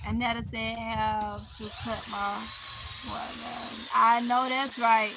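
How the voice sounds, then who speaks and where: A woman's voice: on the high side, level tone, a little slow, noisy background. A middle-aged woman with a Mississippi accent hosting a casual livestream, reading chat comments in a chatty, playful way with heavy Southern dialect and frequent laughs.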